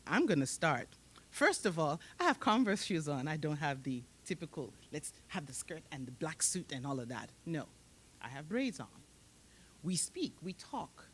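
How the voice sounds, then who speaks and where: Woman moderator, mixed accent, lively swooping pitch, emphatic and laughing, conference-stage career talk. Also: moderate pace, a little hiss or hum. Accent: mixed, hard to place. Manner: emphatic and animated, laughs often. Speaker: panel moderator at a professional summit.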